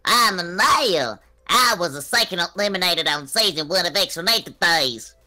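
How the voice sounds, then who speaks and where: A cheerful cartoon nail, as a man puts it on, with a very bright, sharp tone. The voice swoops widely in slow, sing-song phrases. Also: sits high, lively intonation, slight background noise, pitched above the performer's own voice, exaggerated voice. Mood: chirpy.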